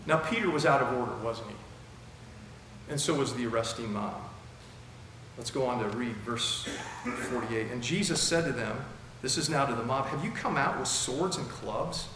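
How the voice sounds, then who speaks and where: In a very echoey church hall with a little background noise, a male pastor delivers an expository, verse-by-verse sermon. His mid-range voice is animated and slightly bright, moving at normal speed. He talks in a chatty way and poses rhetorical questions.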